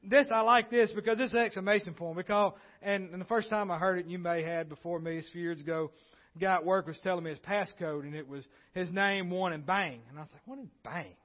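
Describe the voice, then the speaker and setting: Man preaching in church, high voice, dull lo-fi sound, repeats lines for emphasis. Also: steady tone, fast. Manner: emphatic, repeats key phrases, swings between loud and quiet asides. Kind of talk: sermon.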